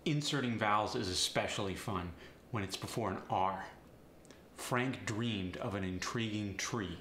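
A man's voice: lowish voice, normal speed, bright, forceful tone. A man teaching an accent step by step, with emphatic, encouraging and carefully articulated drills. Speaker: accent coach. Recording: roomy echo with faint background noise.

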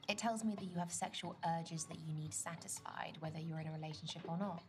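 A woman's voice: fairly low pitch, quick pace, faint music behind, lightly acted. An actress playing a playful, sarcastic young woman on a date in a live-action video game. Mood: teasing.

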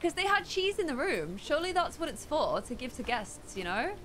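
Hoarse, excitable woman game streamer. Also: high-pitched, brisk, a little hiss or hum. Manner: chatty, excitable, talks to herself while playing. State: losing her voice, hoarse. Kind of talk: casual gameplay chat with viewers.

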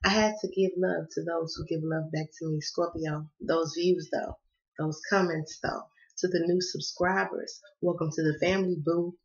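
A woman's voice: deep voice, steady tone, normal speed, highs cut off. A woman with a Southern American accent giving a casual tarot reading to camera, chatty and laughing, often checking in with "okay?" and calling listeners "baby". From Southern United States. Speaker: tarot card reader.

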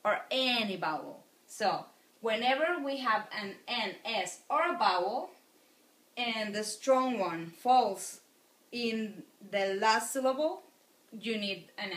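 A Spanish teacher gives a recorded classroom lecture, patiently repeating words for her students. Her voice is fairly high, animated, slow and a bit bright, and the room is echoey.

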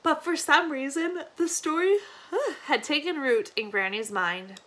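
A woman teacher reading a novel aloud to her class, steady, with small slips and restarts. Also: high-pitched, measured pace.

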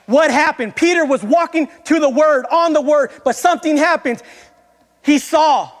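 A man's voice: very high voice, moderate pace, in a large hall. A young man preaching an impassioned sermon as a youth pastor in a church, repeatedly calling out to the congregation.

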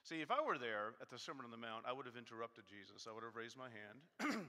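A man preaching a casual, self-deprecating sermon with a bright, forceful tone. His voice rings out with long reverb through a church sanctuary, and he acts out his points by arguing with his text. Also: medium pitch, very animated, quick pace. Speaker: guest preacher. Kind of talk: conversational sermon.

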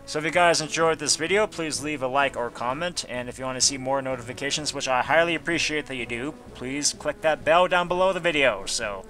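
Bright-voiced joking let's-play guy. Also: mid-range voice, a little fast, few pauses, faint music behind. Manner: jokey, reads game text aloud with goofy asides. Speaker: let's player. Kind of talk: casual gameplay commentary.

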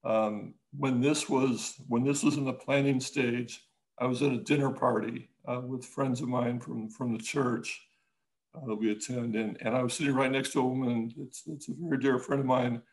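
A man, an architect, talking casually in an interview, halting with many restarts and growing lively when he tells a story. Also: medium pitch, low-quality recording. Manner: halting, many restarts and fillers, animated when telling stories.

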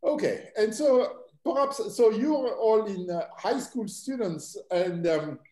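An older man from southern France with a French accent, a mathematics professor lecturing to students in a relaxed, hesitant way full of fillers. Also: high voice, slow pace. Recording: echoey room.

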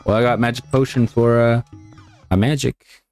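A male gamer talking casually through his playthrough at a middle pitch. He is excitable and quick to swear and laugh when things go wrong, with faint game music behind him. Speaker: let's play gamer. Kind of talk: casual gameplay commentary.

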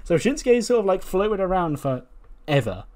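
A man's voice: high-pitched, very animated, moderate pace, a little mellow. A man giving casual, rambling, jokey commentary on a game he is playing. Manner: rambling, jokey, slangy storytelling. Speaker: gaming YouTuber. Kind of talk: casual let's-play commentary.

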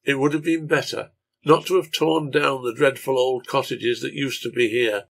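A man voicing a gentle, sad old father who speaks quietly and pleadingly. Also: medium pitch, fairly even intonation, normal speed, creaky, husky. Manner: soft-spoken pleading.

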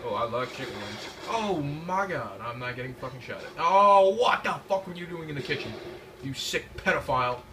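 A young man giving loud, profane, excitable live commentary over a shooter game, yelping when things go wrong. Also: medium pitch, normal speed, distant mic. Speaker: gaming commentator.

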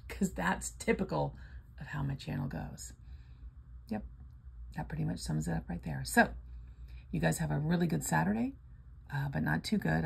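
Husky, gravelly older woman vlogger. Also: low voice. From Florida. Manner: chatty, playful, reads numbers aloud. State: sleepy, yawning. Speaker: lottery ticket vlogger. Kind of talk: casual scratch-off commentary.

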